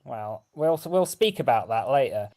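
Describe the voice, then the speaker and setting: A man voicing a busy, bossy, middle-aged halfling mother who talks briskly and scolds. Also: medium pitch, expressive, warm tone, close to an everyday voice.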